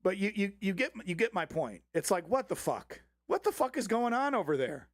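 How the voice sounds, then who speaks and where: A man's voice: high voice, sing-song, normal speed, dry recording, clean studio sound. Sarcastic, swearing man ranting on a stream. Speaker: host. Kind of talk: live news commentary stream.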